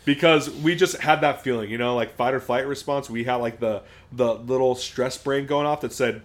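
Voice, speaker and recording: At normal speed and in a mid-range voice, a Southern California man co-hosts a podcast in casual conversation. He tells a story energetically, raising his voice to act out the people in it.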